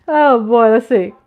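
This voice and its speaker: A woman's voice: fairly high pitch, narrow, tinny audio. A woman in her fifties hosting a casual livestream, reading chat comments aloud with playful giggles and little sung riffs. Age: 50s. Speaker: livestream host.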